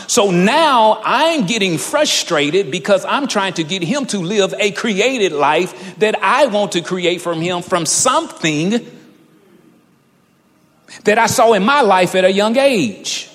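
High-voiced preacher man in a reverberant hall. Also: lively intonation, slow, fairly bright tone. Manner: storytelling preacher, rising to fervent emphasis. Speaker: pastor. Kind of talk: sermon.

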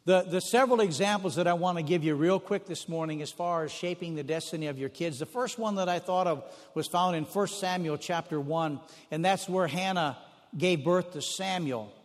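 Male preacher, high-pitched, homey storyteller who circles back on phrases; long hall reverb. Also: moderate pace. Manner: folksy storytelling, repeats phrases for emphasis. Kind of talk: sermon.

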